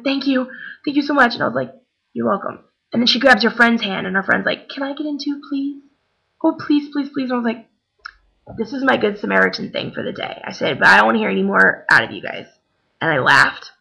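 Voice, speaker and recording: A woman's voice: medium pitch, vocal fry, bright, forceful tone, breathy edge, dull audio. A young woman casually telling a story to the camera, chatty, with many fillers, acting out what others said. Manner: chatty, many fillers, acts out quoted voices.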